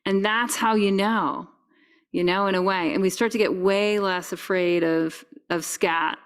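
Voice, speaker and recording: A woman's voice: medium pitch, steady tone, a little slow, smooth. A woman who is a podcast guest, talking candidly and enthusiastically in a casual conversation.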